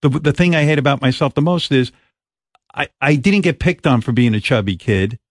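A man's voice: mid-range voice, expressive, a little fast, dry recording, clean studio sound. A man hosting an interview, asking blunt and crude questions in a casual tone. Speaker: interview host.

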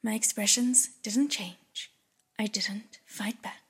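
A breathy-voiced woman voicing a frightened young male wind god who hides his nerves behind bluster, in an audiobook. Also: high-pitched, fairly even intonation, slow pace, fairly bright tone, exaggerated voice. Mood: shaky. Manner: nervous bravado.

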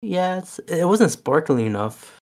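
A man's voice: fairly high pitch, big pitch swings, measured pace. A man casually recapping a movie with a co-host, rambling with many fillers and restarts. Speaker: podcast co-host. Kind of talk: casual movie rewatch chat.

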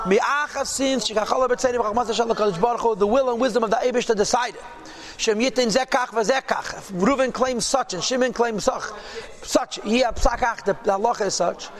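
A man teaching a Torah class, reading Hebrew and Aramaic phrases and translating them quickly into English, emphatic and repetitive. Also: extremely high pitch. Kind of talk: Hasidic text class.

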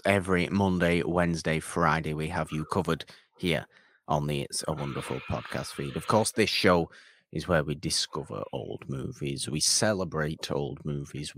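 A man's voice: a bass voice, creaky, no room sound. A man co-hosting a podcast, wrapping up the episode in casual chat with a playful, teasing manner. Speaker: podcast co-host.

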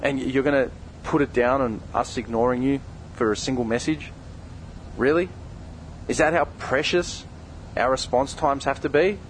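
A man's voice: mid-range voice, moderate pace, long pauses, a little hiss or hum, rough recording. Angry, swearing man ranting. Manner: heated, heavy swearing, confrontational. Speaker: podcast co-host. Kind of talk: angry direct-address rant.

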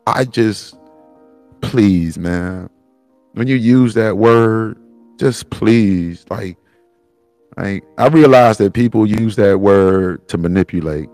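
Low-voiced tearful man hosting his own show, rambling and swearing, faint music in the background. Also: slow pace, darkish tone, dry recording. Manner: rambling, profane, tearful and laughing. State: crying. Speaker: podcast host. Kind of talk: emotional personal monologue.

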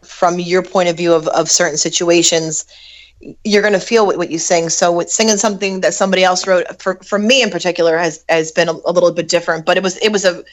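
A woman's voice: lowish voice, steady tone, quick pace. A middle-aged woman, a guest recording artist, chatting casually in an interview, with frequent restarts and easy laughter. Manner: chatty, laughs easily, many restarts and fillers.

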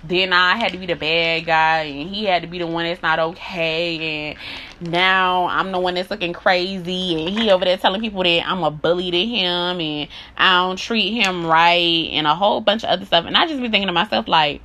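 Woman ranting to camera, cussing a lot, repeats herself, bright edgy voice. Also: fairly low pitch, normal speed, slight background noise. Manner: profane, blunt and repetitive. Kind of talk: candid monologue.

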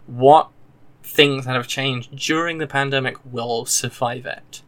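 Bright-voiced podcast host. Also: male voice, medium pitch, fairly even intonation. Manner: chatty, digressive, quick to enthuse. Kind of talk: casual podcast chat.

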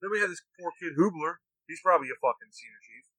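A young man telling stories in casual chat, profane and animated, acting out the voices of the people he quotes. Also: fairly high pitch, fast, dry recording, poor audio.

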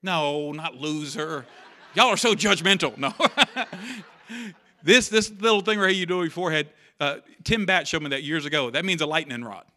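A man's voice: on the high side, moderate pace, pushed and bright. A man preaching a sermon in church, talking conversationally, repeating key phrases and acting out quotes. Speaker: pastor.

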